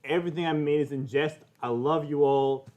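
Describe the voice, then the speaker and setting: A man's voice: a little high, steady tone, fairly quick, darkish tone, muffled recording. A man with an Australian accent, a guest bantering bluntly and joking with plenty of swearing. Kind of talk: casual banter.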